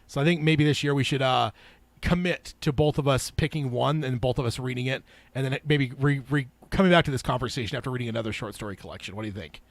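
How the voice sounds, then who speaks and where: A man co-hosting a casual podcast chat and reading out listener emails, relaxed, with lots of fillers and restarts. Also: mid-range voice, fast talker, no room sound. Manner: relaxed, many fillers and restarts, laughs often. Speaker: podcast co-host.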